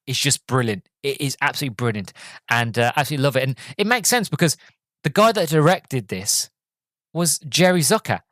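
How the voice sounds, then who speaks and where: A man's voice: mid-range voice, lively intonation, a little fast, a bit bright, no room sound. A man hosting a podcast, giving a casual, enthusiastic movie review full of fillers and restarts. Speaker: podcast host.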